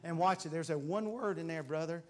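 In a church sanctuary, a guest preacher with a high voice delivers fervent revival preaching at a fairly quick pace. He reads scripture aloud in King James wording and rises to shouts when he pleads.

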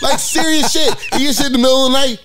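A man co-hosting a podcast, telling profane, animated stories in casual banter. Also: very high voice, fast, over music. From Sacramento area. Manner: profane, animated storytelling with mock quotes. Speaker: podcast co-host.

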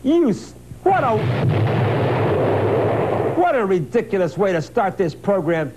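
A brash, high-voiced man hosting a call-in show. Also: big pitch swings, measured pace. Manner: abrasive, insulting, cuts callers off. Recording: faint hum, 1980s TV broadcast.

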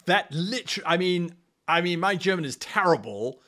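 A man's voice: high voice, normal speed. A man hosting a live stream, chatting casually and animatedly about product updates and reading viewer questions. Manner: chatty, animated, swings between loud and quiet. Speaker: livestream host.

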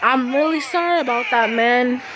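A woman's voice: high-pitched, moderate pace, noisy background. A woman giving casual commentary while playing a phone game, teasing her opponents playfully. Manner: playful trash-talk, laughs at opponents. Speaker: mobile game player. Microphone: phone screen recorder.

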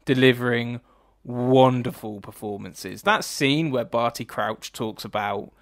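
A man's voice: mid-range voice, unhurried. A man co-hosting a podcast, giving easygoing opinions in a casual film review chat. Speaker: podcast co-host.

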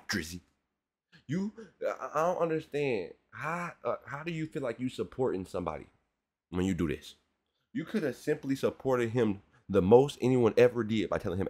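A man hosting a music reaction video, talking in a casual, slangy way with animated, mock-outraged rants. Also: fairly low pitch, a little fast.

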